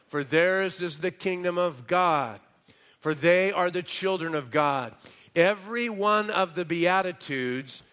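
A male pastor preaching a sermon slowly and emphatically, sometimes dropping into a quieter, conversational aside. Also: a little high.

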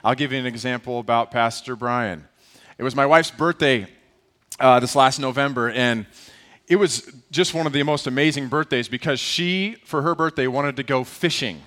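A man in his thirties preaching a sermon as a pastor, telling a family story with lively acted-out voices. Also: medium pitch, moderate pace.

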